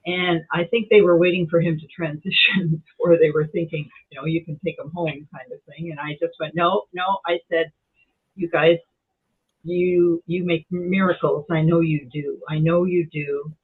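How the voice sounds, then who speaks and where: A woman on a video call telling her experience in a meditation group, animated and acting out the voices she heard. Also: lowish voice, moderate pace, husky. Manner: animated storyteller, acts out quoted voices. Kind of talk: casual chat on Zoom. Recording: tinny phone-like call audio.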